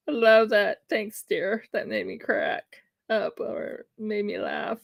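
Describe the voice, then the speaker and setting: This woman takes it slowly as she chats while crocheting on her craft livestream at home in winter, rambling with frequent fillers and restarts. Her mid-range voice is gravelly, and her intonation stays fairly even.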